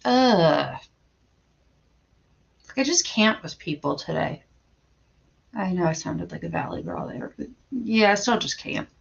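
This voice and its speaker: A woman's voice: medium pitch, sing-song, unhurried, gravelly. A woman in her thirties hosting a casual firearms livestream, chatty and rambling, greeting viewers by name and restarting her sentences often. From western Pennsylvania, USA. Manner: frequent stammered restarts and filler words. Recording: dull lo-fi stream audio.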